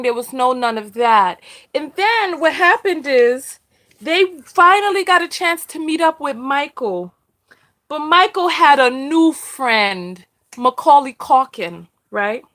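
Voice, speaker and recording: A woman hosting a casual live discussion, animated and repeating her points for emphasis. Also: high-pitched. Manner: acts out quoted people. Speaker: host.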